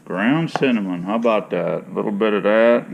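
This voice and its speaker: A man's voice: fairly low pitch, normal speed, vocal fry, a little hiss or hum. A man from Michigan chatting casually to viewers in a folksy, rambling way as he mixes tea outdoors before working his bees. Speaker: beekeeper vlogger. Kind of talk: casual vlog chat. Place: outdoors in hot sun.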